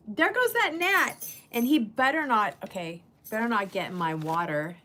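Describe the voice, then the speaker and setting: A woman's voice: on the high side, bright, forceful tone. A woman hosting a casual livestream, chatting bluntly and greeting viewers by name. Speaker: livestream host. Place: indoor room under a bright light.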